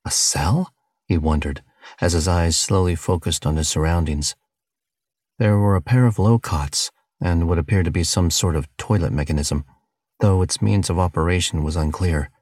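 A man reading a novel aloud as audiobook narrator, in steady, scripted storytelling delivery. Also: sits low, normal speed, no room sound, studio quality.

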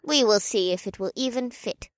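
A man's voice: sits high, moderate pace, no room sound, studio quality, pitched above the performer's own voice, close to an everyday voice. A man voicing a stern stubborn pig woman. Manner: curt monotone. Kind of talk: audiobook character voice.

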